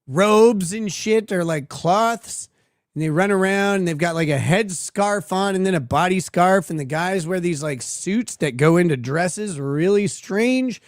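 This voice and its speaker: Man, livestream host, sardonic and crude, a bit high-voiced, dry close sound. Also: no room sound. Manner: sardonic, crude joking, laughs often. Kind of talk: casual livestream commentary.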